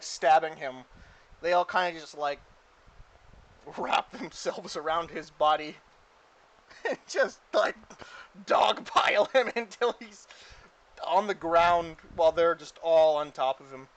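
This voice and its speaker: A man's voice: fairly high pitch, a little slow, low-quality recording. A man running a tabletop game as game master, rambling and stumbling over his words with giggles.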